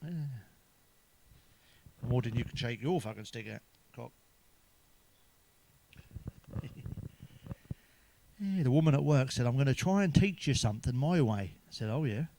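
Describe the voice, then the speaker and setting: A man's voice: medium pitch, expressive, measured pace, vocal fry, pauses often, warm tone. A man telling crude jokes in a sweary monologue, chuckling at his own punchlines. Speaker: stand-up comedian.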